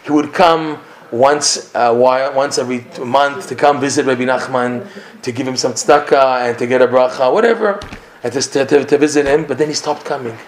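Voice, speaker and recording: A man teaching a Torah class, telling a story with lively acted-out dialogue. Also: mid-range voice, fairly quick. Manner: animated storyteller acting out the characters' lines. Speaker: religious teacher.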